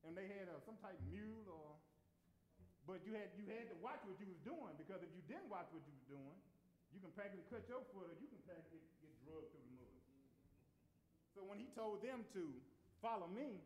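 A man's voice: high voice, expressive, brisk, darkish tone, a little hiss or hum. A man preaching a sermon in a conversational way, repeating and restarting phrases.

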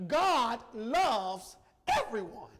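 A man's voice: very high voice, big pitch swings, a bit bright. A man preaching a sermon, emotional and emphatic, repeating phrases and calling out to the congregation. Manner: emphatic, repetitive, slow emphasis; emotional, addresses congregation directly.

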